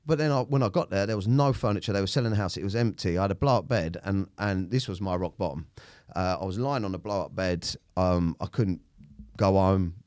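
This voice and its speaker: A man speaks haltingly about personal struggles, often stopping and restarting. His voice is low-pitched and recorded close and dry. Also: darkish tone, clean tone, no echo. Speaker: podcast co-host. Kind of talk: candid personal storytelling.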